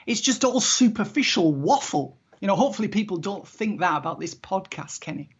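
Podcast co-host, breathy mid-pitched voice, wry and quick to laugh, muffled lo-fi sound. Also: animated. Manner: wry, laughs often, opinionated. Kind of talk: casual podcast chat.

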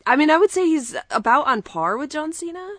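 A woman's voice: sits high, very animated, fairly quick, a bit bright, dry recording, clean studio sound. A woman co-hosting a podcast, chatting enthusiastically, laughing and swearing casually. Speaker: podcast co-host. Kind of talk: casual chat recapping wrestling.

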